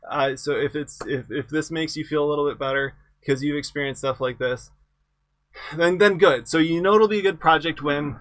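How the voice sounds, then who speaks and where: A man's voice: fairly high pitch, normal speed, fairly bright tone, dry recording. A middle-aged man lecturing an engineering exam review, conversational and self-correcting, with wry humor about past projects. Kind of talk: lecture with anecdotes.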